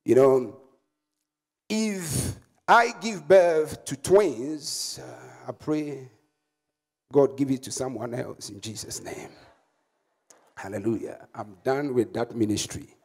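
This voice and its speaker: Ghanaian accent preacher man, slowish and drawn out, kinda high voice, leads the crowd in repeating lines. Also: a little mellow. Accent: Ghanaian English. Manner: slow, emphatic preaching with repetitions. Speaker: pastor and prophet. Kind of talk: sermon with call-and-response.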